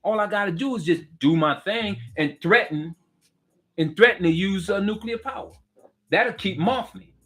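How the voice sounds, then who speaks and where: A man's voice: high voice, normal speed, sharp tone. A man putting on the voice of a boastful male strongman who plots threats. He sounds smug and scheming.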